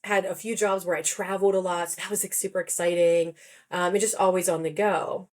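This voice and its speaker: Chatty storytelling woman, slightly low voice. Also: level tone, brisk. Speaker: guest, therapist and author. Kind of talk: conversational podcast interview.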